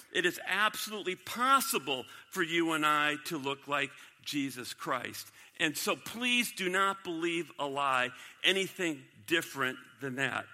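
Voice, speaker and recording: Bright-voiced male preacher in a reverberant hall. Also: sits high. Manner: emphatic, repeats key lines, asks the congregation questions. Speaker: pastor. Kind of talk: sermon. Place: church sanctuary. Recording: long reverb of a large hall.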